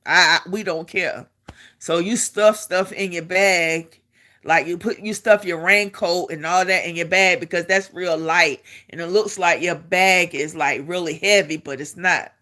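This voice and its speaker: A middle-aged woman with a bright, tense voice tells an army story in an animated, casual way. She repeats words and phrases as she goes and laughs as she talks, the way someone does when talking to the camera. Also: fairly low pitch, a little slow. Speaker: army veteran telling a story.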